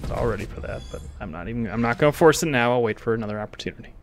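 Lively joking male streamer. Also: medium pitch, racing, a little hiss or hum. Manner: joking, laughs often. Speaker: streamer playing a game. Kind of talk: casual game-stream commentary.

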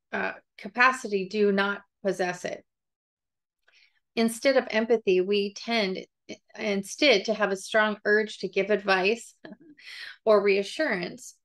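A woman's voice: mid-range voice, fairly bright tone. A woman reading a book chapter aloud for a book club, breaking off into chatty, digressive asides and frequent laughs.

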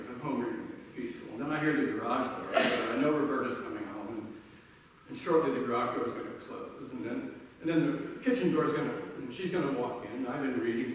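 A man's voice: mid-range voice, a little hiss or hum. A man preaching a sermon as pastor, telling stories with a conversational, self-deprecating humor. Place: church sanctuary. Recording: echoey church hall from far off.

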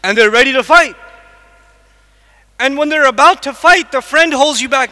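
A man's voice: very high-pitched, moderate pace, pauses often, pushed and bright. A man giving a lecture to a live audience in a large mosque hall, quizzing the listeners with repeated questions. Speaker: Islamic lecturer. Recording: long echo of a mosque hall.

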